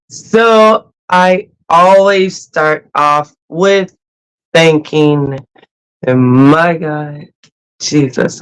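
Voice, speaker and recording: Slow, smooth-voiced chatty livestream host. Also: mid-range voice, poor audio. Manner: chatty, laughing, animated storytelling. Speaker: cruise channel host. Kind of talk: casual livestream chat.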